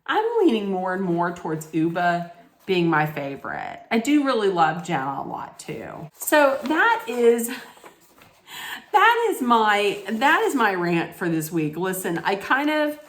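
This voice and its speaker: A woman's voice: medium pitch, big pitch swings, unhurried, a bit bright. A woman ranting in a casual recap vlog, blunt, scolding and full of profanity. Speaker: reality TV recap vlogger. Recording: echoey room.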